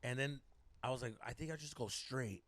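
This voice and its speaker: A man telling a story on a podcast, animated, swearing often and mixing slang into his English. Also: mid-range voice, brisk, no echo. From Mexico. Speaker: podcast co-host. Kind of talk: casual storytelling chat.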